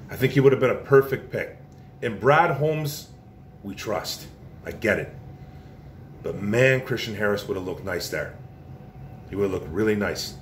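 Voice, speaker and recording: A man's voice: fairly low pitch, moderate pace, pauses often. A man hosting a casual football commentary show, blunt and opinionated, often repeating his points. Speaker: sports podcast host. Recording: roomy echo with faint noise.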